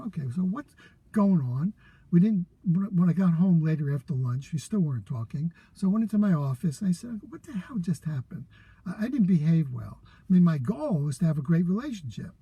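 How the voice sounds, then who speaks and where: A man's voice: high-pitched, mellow, slightly rough, dry recording. An older man hosting a casual talk, telling a personal story in a candid, rambling way with frequent restarts. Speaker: host. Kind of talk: casual talk to a live audience.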